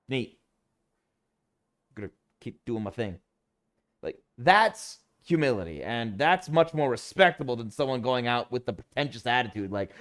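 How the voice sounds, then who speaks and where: Male streamer, casual let's-play chat, mocking, lively pitch. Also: unhurried, long pauses. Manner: animated, sarcastic, mocking.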